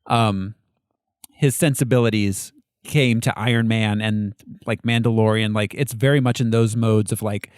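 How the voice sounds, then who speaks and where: A man's voice: on the low side, steady tone, normal speed, smooth, dry recording, clean studio sound. A man co-hosting a film podcast, chatting casually with frequent laughs and hesitant fillers. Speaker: podcast co-host. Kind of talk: casual chat.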